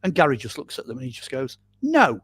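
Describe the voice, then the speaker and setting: A man being interviewed as a guest, telling a long story in a casual, animated way with frequent "um"s and "you know"s. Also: medium pitch, very fast, husky. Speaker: guest storyteller on a paranormal podcast.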